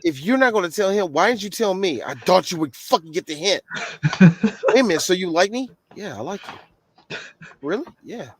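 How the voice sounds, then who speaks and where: Male sports podcast co-host, lively and profane, slightly high voice, dry close sound. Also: brisk, dry recording. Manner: animated, profane, jokey. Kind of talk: casual sports chat.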